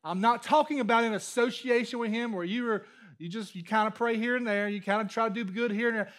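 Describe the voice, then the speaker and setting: A man's voice: very high voice, quick pace, a bit bright. A man preaching a sermon as pastor, talking conversationally, repeating and restarting phrases and building up to emphatic points.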